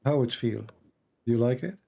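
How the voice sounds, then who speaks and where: Male debate host on a live stream, mid-pitched, combative, hammers questions and reads quotes deliberately. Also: gravelly, warm tone, slightly rough. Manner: argumentative, presses with repeated questions.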